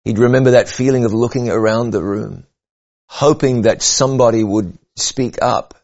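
A man delivering a sermon in an earnest, measured way, his voice rising and falling to press each point. His pitch sits in the middle, neither deep nor high. The recording is somewhat dull and lo-fi. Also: vocal fry, a little mellow. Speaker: preacher.

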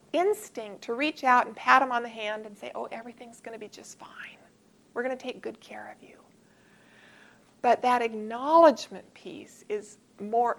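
A middle-aged woman delivers a teaching presentation and weaves personal stories into the lesson. Her voice sits a little high and has a gravelly edge. She stays earnest and conversational and goes soft and hushed when she quotes gentle words of comfort. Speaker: presenter teaching a care model.

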